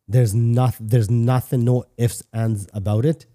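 A man's voice: medium pitch, normal speed, dark tone. A middle-aged man from Canada telling a personal story on a podcast in a candid, casual way, swearing freely and restarting sentences often. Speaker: podcast guest.

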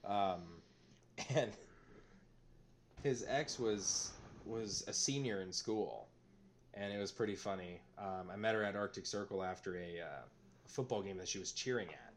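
A man's voice: on the low side, unhurried, a little hiss or hum. A man in his twenties on a podcast, joking crudely and laughing often while telling stories. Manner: rowdy, jokey, laughs often, crude humor. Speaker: podcast co-host. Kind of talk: casual chat.

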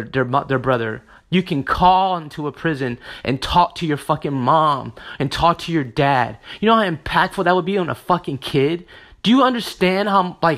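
A man's voice: a little high, fairly bright tone. An American man delivering an impassioned, profane monologue to his listeners, heated and full of restarts. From United States. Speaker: vlogger.

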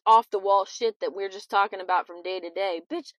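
A young woman hosting a podcast in a casual confessional chat, dramatic and expressive, swearing freely. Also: medium pitch, fairly quick, no echo, dull audio. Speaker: podcast host.

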